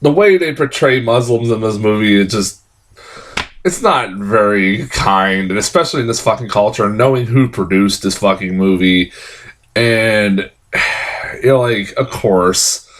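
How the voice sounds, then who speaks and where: A man's voice: on the low side, a little slow, fairly bright tone. A man reviewing a film in a casual, exasperated rant, swearing freely and restarting sentences with lots of fillers.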